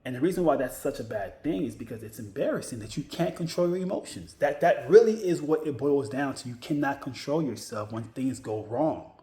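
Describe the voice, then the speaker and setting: A man's voice: mid-range voice, lively intonation, a little fast, few pauses, warm tone. A man talks straight to his viewers in a medium voice, hammering home his advice by repeating points and restarting his sentences. The room around him is roomy and echoey. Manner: emphatic, repeats key points, frequent restarts. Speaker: vlogger giving career advice. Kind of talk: casual advice monologue. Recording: roomy echo.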